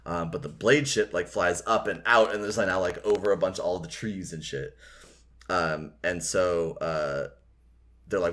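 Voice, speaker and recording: Podcast host, man, low voice, loose and chatty, lots of "like" and "um" while recapping a story. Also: moderate pace, a bit bright. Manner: casual, rambling recap full of filler words. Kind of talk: casual podcast chat and book reading.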